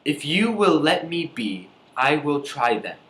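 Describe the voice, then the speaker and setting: A man reading a children's rhyming book aloud in a lively sing-song way. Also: on the high side, a little slow, roomy sound, heavy background noise. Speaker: student presenter.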